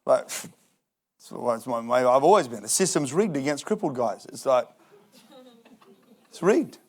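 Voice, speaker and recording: A man's voice: medium pitch, a little slow. A man preaching a sermon in a church, joking and acting out people's excuses. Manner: lively, jokey preaching with acted-out excuses. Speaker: pastor. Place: church hall.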